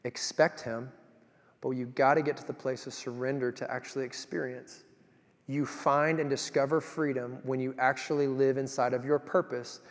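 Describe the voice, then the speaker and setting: A man preaching a sermon, telling stories in an animated way that swings from loud to hushed. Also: medium pitch, normal speed, in a large hall.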